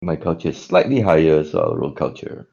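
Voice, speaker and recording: A man's voice: extremely low pitch, wildly swooping pitch, a little fast, gravelly, darkish tone, muffled recording. A man playing a tabletop game, rambling a little and restarting his sentences. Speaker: player. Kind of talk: casual tabletop play.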